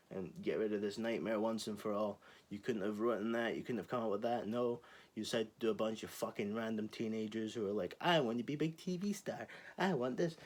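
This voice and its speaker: Guy in his 20s ranting at the camera, kinda low voice, sarcastic, swears a lot. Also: a little mellow. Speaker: channel host. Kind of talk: casual ranting monologue to camera.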